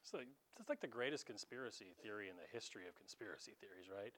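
A man preaching a sermon as a pastor, conversational and animated, with sudden loud bursts of emphasis. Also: on the low side, quick pace.

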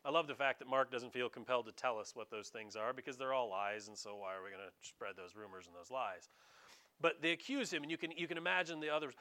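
A man preaching a conversational sermon as pastor, animated and dramatizing, talking straight to his congregation. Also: medium pitch, fast.

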